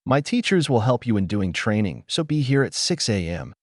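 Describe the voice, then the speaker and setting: A man's voice: mid-range voice, big pitch swings, moderate pace, dry recording, clean studio sound. A man voicing a firm, commanding young female ninja in a fan fiction audiobook reading. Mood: stern.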